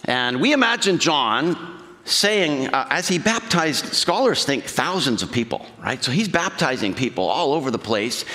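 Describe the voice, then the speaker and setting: A man's voice: medium pitch, sing-song, a little slow, bright, forceful tone. A male pastor preaching a sermon in a church, talking conversationally and putting questions to the congregation. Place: church sanctuary. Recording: long hall reverb.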